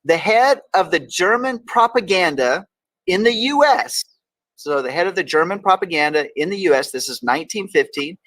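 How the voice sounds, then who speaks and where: A man's voice: high voice, lively intonation, normal speed, a bit bright, no echo, rough recording. A man from Texas hosting a casual talk show, reading daily quotes aloud with playful emphasis. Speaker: host.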